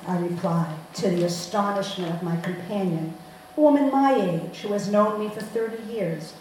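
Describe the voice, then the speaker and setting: A woman from Boston reading her own personal story aloud, storytelling with lively voiced quotes. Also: medium pitch. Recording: roomy, distant mic, faint hum.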